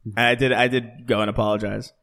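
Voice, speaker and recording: A young man co-hosting a podcast, telling stories in casual chat with plenty of swearing and animated restarts. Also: medium pitch, fast talker. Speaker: podcast co-host.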